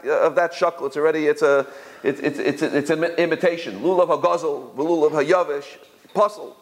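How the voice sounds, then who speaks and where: A man with a somewhat high voice gives a loose, conversational religious lesson. He stumbles and repeats words as he gropes for the next phrase. When he tells a story, his pitch leaps up as he quotes the people in it. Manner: halting, repeats words while searching for phrasing; storytelling, jumps higher when quoting others. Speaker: Torah teacher. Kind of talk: informal religious lecture with stories.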